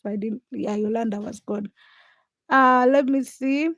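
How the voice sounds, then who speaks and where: A woman's voice: fairly high pitch, measured pace, dry recording, dull audio. Dry-voiced woman livestream host. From Uganda. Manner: animated storytelling, reads viewer comments aloud. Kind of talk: casual livestream storytelling.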